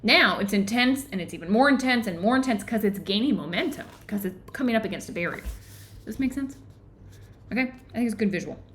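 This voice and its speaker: A woman hosting an online book club, explaining ideas earnestly and often pausing to check in with her listeners. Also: mid-range voice, expressive, fairly bright tone, slight background noise. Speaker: book club host and teacher. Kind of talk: live online book discussion.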